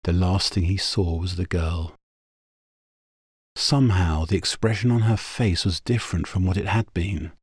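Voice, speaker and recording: A man narrating a pulp science-fiction story in a steady, measured audiobook reading. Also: deep voice, slightly rough, dry recording, studio quality.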